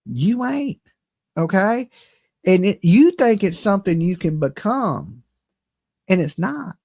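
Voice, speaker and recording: Heated reaction commentary comes from a male channel host with a Southern US accent who repeats himself and keeps asking "okay?" He speaks a little slowly in a high voice with big pitch swings, and the clean studio sound has no room echo.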